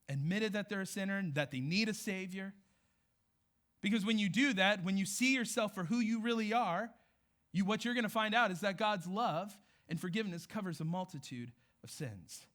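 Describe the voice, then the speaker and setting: A man's voice: high-pitched, fairly bright tone. A young adult man preaching a sermon in a church, retelling scripture as casual, conversational dialogue. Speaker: pastor.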